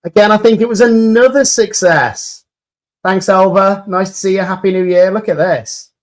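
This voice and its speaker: A man with a British accent chatting enthusiastically on a live stream while demolding resin pieces, a little croaky after hours of talking. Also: high-pitched, normal speed. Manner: chatty and enthusiastic, greeting viewers.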